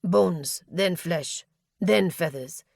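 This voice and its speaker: A woman's voice: fairly low pitch, drawn-out words, creaky, darkish tone, no room sound, clean studio sound, full character voice. A woman reading an audiobook voices a stern male warrior who gives clipped, urgent commands. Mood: commanding.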